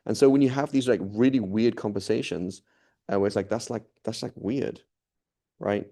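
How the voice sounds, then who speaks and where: With a lowish, warm, creaky voice at normal speed, this man gives an informal religious talk as a teacher. He keeps checking in with whoever's listening and performs the dialogue he quotes.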